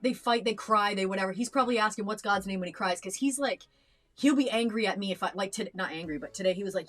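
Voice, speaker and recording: A woman's voice: medium pitch, fast, fairly bright tone. A young adult woman co-hosting a reaction show, telling a personal story in an earnest, chatty way with lots of fillers and restarts. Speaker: reaction channel co-host. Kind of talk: casual chat.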